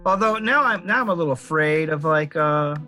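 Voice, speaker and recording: A man's voice: on the high side, lively intonation, a little fast, bright, forceful tone, faint music behind. A man in his forties joking wryly among friends before a tabletop game. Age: 40s.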